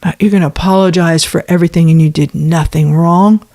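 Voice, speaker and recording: A woman's voice: lowish voice, fairly even intonation, a little fast, warm tone. A woman giving reaction commentary, reading out messages and adding sarcastic, indignant asides and rhetorical questions to her listeners. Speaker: commentator on a former church.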